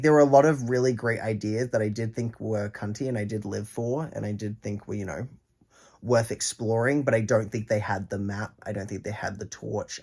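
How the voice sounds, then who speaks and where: A man giving a mock-critical, deadpan review full of slang. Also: on the low side, gravelly, husky.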